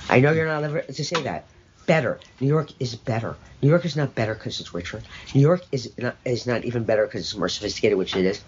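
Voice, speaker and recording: An older woman talks in an interview with blunt, sardonic conviction, leaning hard on her points. Her pitch jumps around animatedly, and she drifts into long asides before landing the punchline. The recording sounds slightly dull, with a soft hiss underneath. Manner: emphatic, opinionated, sardonic with rambling asides. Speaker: interview guest. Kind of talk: conversational interview.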